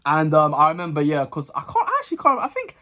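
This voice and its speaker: A young man tells a story from his school days on his vlog. His pitch swings widely as he acts out the teachers and his friends, and he keeps breaking into laughter. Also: quick pace. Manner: animated, acts out dialogue, laughs a lot. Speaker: vlogger. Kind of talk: casual storytime.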